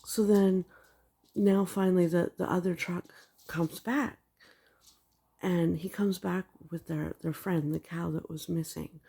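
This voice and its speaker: Husky, gravelly woman telling a dream. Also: lowish voice, fairly even intonation, measured pace, mellow. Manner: rambling storytelling with many "like" fillers. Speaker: video blogger sharing dreams. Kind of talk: casual religious dream retelling.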